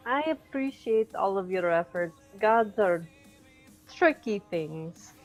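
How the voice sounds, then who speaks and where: A woman's voice: mid-range voice, animated, takes it slowly, faint music behind, poor audio. A woman playing her character in a tabletop game, speaking hesitantly with stammers. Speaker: player. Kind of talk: in-character tabletop role-play.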